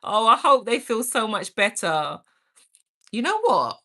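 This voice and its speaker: A woman's voice: a little high, big pitch swings, unhurried, sharp tone. A woman hosting a casual livestream, chatting to viewers and reading their comments in a bubbly, chatty way. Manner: drops into a whisper for asides. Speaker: livestream host.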